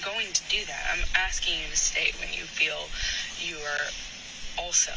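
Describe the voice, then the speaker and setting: A woman's voice: low voice, moderate pace, gravelly. A woman in a private argument who pleads, repeats herself and fills her talk with hedging words. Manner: pleading, repeats herself, uses many fillers. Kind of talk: private argument recorded at home. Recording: distant mic with loud background noise.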